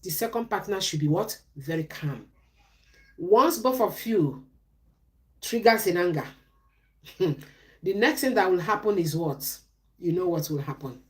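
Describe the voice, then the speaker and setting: A woman's voice: on the low side, animated, unhurried, long pauses. A middle-aged woman, giving relationship advice on a live stream in a preachy way, asking questions and answering them herself.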